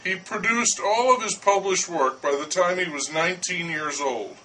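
Man with a high bright voice narrating. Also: normal speed, distant mic, rough recording. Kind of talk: scripted comic narration.

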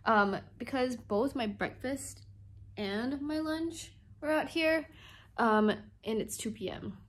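Taking it slowly in a fairly high voice, this young vlogger from Singapore rambles cheerfully through a video diary shot on a handheld phone indoors in a small hotel room.

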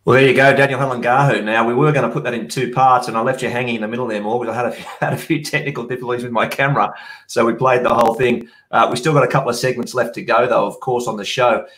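A man's voice: medium pitch, steady tone, rapid-fire, a bit bright. A man hosting a live online rugby show from a home camera setup, chatty and steering the segments. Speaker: show host.

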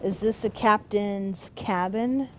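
A woman's voice: medium pitch, slow, darkish tone, a little hiss or hum, rough recording. A woman casually commenting on a game she is playing, with amused playful reactions. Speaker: gameplay streamer.

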